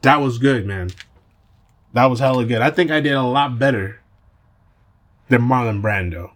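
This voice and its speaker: A man's voice: mid-range voice, normal speed, fairly bright tone. A man hosting a podcast, talking casually in a brash, boastful and profane way. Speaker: podcast host.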